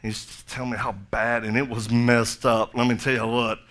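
A man's voice: mid-range voice, level tone, moderate pace, a bit bright. A middle-aged male pastor preaching a sermon, telling a story with jokey asides and then building to fervent appeals.

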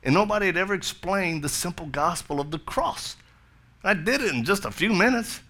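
A man's voice: sits high, expressive, brisk, bright, forceful tone. A middle-aged male pastor preaching a sermon, telling a story with jokey asides and then building to fervent appeals.

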